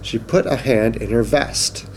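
A man reads a children's phonics book aloud, spacing out each simple word with slow, careful enunciation. His voice sits at an ordinary middle pitch, with a faint hiss in the background. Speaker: storybook reader.

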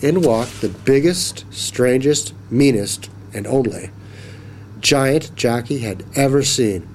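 A man reading a children's story aloud in a slow, expressive manner. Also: medium pitch, a little hiss or hum.

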